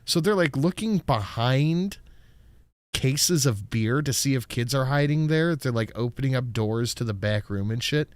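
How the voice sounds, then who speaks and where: A man's voice: mid-range voice, expressive, unhurried, no room sound. A man hosting a live-stream podcast, telling stories in a loose, profane way with lots of fillers. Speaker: podcast host. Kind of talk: casual live-stream chat.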